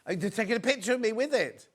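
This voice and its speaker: A man's voice: high-pitched, lively intonation, fast, a bit bright. A middle-aged man hosting a live shopping show, chatting and joking as he rambles into anecdotes between prices. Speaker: shopping channel presenter.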